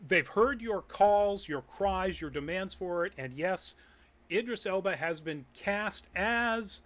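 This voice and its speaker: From Massachusetts, a man hosts a live nerd news show, casually reading news and viewer comments with lots of ums and uhs. His voice sits high and sounds a bit bright, expressive, and slow.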